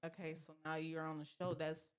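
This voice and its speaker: Chatty woman with a lowish voice. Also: level tone, normal speed, smooth. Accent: Southern US. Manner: chatty, rambling, many fillers and restarts. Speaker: podcast guest. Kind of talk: casual chat.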